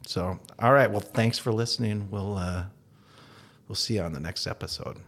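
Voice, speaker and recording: A man with an upper Midwestern accent, co-hosting a casual podcast from an office, telling stories in an animated, laughing way. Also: on the low side, normal speed. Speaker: podcast co-host. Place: office in a co-working space.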